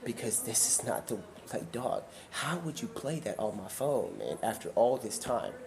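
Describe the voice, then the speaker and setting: Against crowd noise, a livestream host rambles through a lengthy tale, slipping into different voices to play the characters he quotes. His medium-pitched voice is sing-song and keeps a moderate pace.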